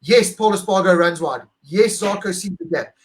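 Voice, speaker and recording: A man's voice: sits high, normal speed, rough recording. A man co-hosting a casual motorsport debrief over a video call, emphatic and argumentative, repeating his points. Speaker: co-host.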